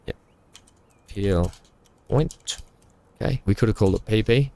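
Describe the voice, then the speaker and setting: A man with a fairly low voice talks his way through a building game from home. He rambles, cracks small jokes and thinks out loud at an easy, casual pace. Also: measured pace, vocal fry, pauses often. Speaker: gaming channel host. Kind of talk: casual let's-play commentary.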